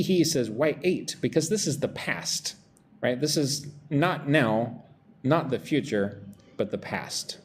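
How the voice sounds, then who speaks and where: Slow, lively man drilling English phrases. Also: medium pitch, slight background noise. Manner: slow, drills short phrases by repeating them; greets viewers from the chat between examples. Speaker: English teacher. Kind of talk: live online language lesson.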